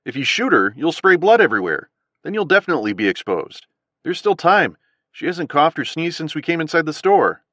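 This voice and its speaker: A man voicing a grown man under pressure, talking fast and earnest with a raised, pushed voice. He sounds urgent and steady-minded at once, in a dry, close audiobook recording. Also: fairly high pitch, dry recording, pitched above the performer's own voice. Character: tense male doctor bluffing under threat.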